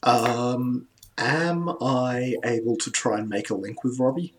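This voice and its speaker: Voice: medium pitch, takes it slowly, a little hiss or hum. A player in an online tabletop game, talking in a plain, matter-of-fact way. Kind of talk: casual tabletop game chat.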